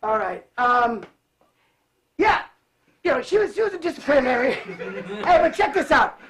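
Animated high-voiced man telling stories. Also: normal speed. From Cleveland, raised in California. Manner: animated, laughs often, acts out voices. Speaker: guest. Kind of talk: casual storytelling.

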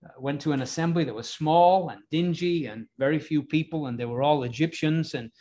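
A man's voice: on the high side, a little fast, warm tone. A man preaching a Bible sermon in a chatty way, often asking his listeners questions. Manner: conversational, asks the congregation questions. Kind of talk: expository sermon.

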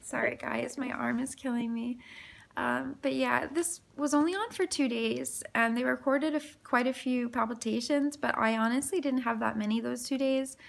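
A young woman filming a casual health vlog, short of breath and talking haltingly with many ums and restarts. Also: high-pitched, vocal fry. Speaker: vlogger.

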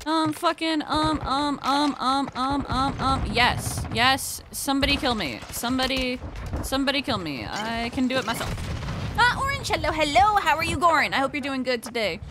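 A woman's voice: sits high, lively intonation, moderate pace, noisy background. A young woman streaming a shooter game, chatting casually with her chat and swearing often.

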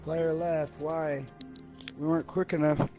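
A man's voice: a little high, flat delivery, measured pace, warm tone, lo-fi sound. Upbeat gamer guy over game music. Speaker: gamer on voice chat. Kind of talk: casual gaming chat.

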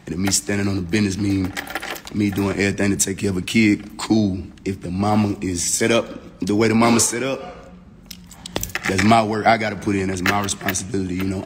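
A grown man talking in slangy, repetitive bursts on a live stream from his home, mocking and defiant. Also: low voice. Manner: mocking, slangy, repeats phrases. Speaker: livestreamer. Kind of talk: heated live-stream argument. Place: home indoors. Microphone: phone live stream. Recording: noisy phone live stream.

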